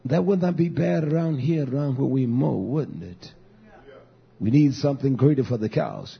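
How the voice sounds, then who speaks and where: A man's voice: mid-range voice, normal speed, vocal fry, breathy edge, muffled recording. A man preaching a sermon, exhorting and calling out to the congregation.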